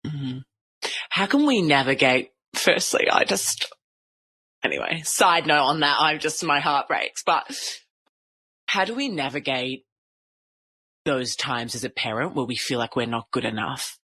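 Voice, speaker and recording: Deep, husky woman asking questions. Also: lively intonation, unhurried, long pauses, pushed and bright. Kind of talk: conversational interview questions.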